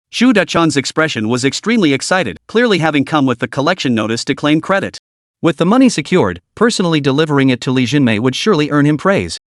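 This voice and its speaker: Lively, fairly high male narrator. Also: no echo, studio quality. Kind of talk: scripted story recap narration.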